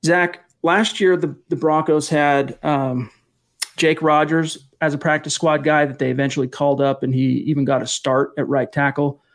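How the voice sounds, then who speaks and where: A man hosts a casual live-stream podcast, his voice sitting a little high for a man. He talks with steady energy as he reads out viewer comments and thanks donors one by one. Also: normal speed. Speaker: podcast host.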